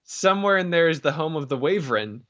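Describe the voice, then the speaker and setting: A man's voice: a little high, expressive, a little fast, a bit bright. A man co-hosting a podcast in casual chat, wry, playful and thoughtful. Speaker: podcast co-host. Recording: dull lo-fi sound.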